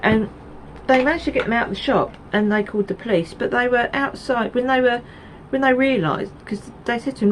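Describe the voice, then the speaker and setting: A woman's voice: on the high side, fairly quick, hardly any pauses, a little hiss or hum, low-quality recording. A woman from Essex, hosting a knitting video podcast in a rambling, chatty way with many ums and asides. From Essex, England. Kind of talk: casual chat to camera.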